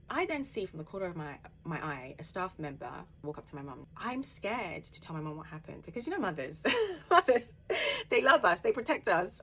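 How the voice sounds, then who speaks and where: A woman, vividly retelling a personal story on her vlog, animated and emphatic, with bursts of laughter. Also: lowish voice, a little hiss or hum. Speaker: vlogger.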